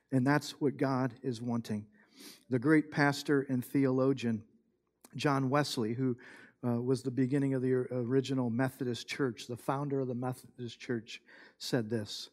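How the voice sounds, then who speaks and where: A male pastor giving a sermon, telling a story and acting out the people in it, turning soft and quiet at the moving parts. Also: medium pitch. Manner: storytelling, quotes people in lively bursts, drops soft for moving moments.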